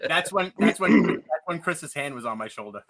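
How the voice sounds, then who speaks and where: A man co-hosting a casual podcast chat, laughing a lot and quick to agree. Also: on the high side, animated, a bit bright, no room sound.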